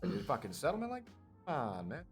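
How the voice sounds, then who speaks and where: A man's voice: medium pitch, wildly swooping pitch, fast talker, soft background music. A man playing a tabletop game, casual and swearing, trailing off when unsure. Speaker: player.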